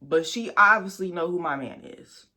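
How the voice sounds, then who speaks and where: A young woman telling a personal story on her vlog, talking frankly and with lots of swearing, speaking straight to her viewers and sometimes bursting into loud, high outrage. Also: normal speed. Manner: candid, profane storytelling that addresses viewers directly. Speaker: vlogger.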